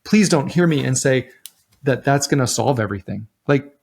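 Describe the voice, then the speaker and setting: A man's voice: medium pitch, expressive, moderate pace, gravelly. Earnest man giving relationship advice. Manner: earnest, with frequent restarts and repeated words. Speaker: relationship podcast co-host. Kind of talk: casual advice chat.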